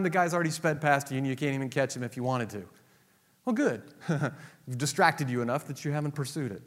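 A man's voice: medium pitch, normal speed. A man preaching a sermon with humor, acting out quotes and laughing at his own jokes, pastor leading a congregation. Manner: animated, humorous, acts out quotes. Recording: long hall reverb.

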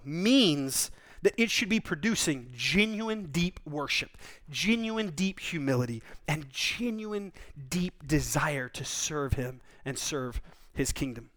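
A man's voice: a little high, a bit bright. A man, a pastor, preaching a conversational sermon in an earnest, informal way, often restarting and repeating words.

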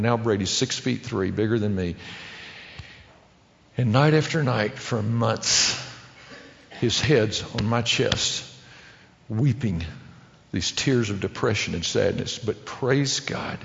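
A middle-aged man preaching a sermon to men, telling family stories in a folksy, emotional way that swings between loud and hushed. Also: on the low side, gravelly. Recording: dull sound with long hall reverb.

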